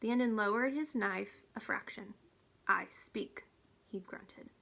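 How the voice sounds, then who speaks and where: Woman reader for a children's chapter book, slightly high voice, steady pace. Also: moderate pace. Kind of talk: storybook read-aloud.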